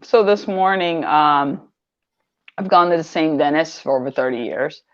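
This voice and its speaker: A woman's voice: low voice, moderate pace, no echo, dull audio. An older woman, a guest in an interview, telling her story in a loose, rambling way, repeating words as she goes. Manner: rambling, repeats words, animated when quoting others. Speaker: interview guest, online seller.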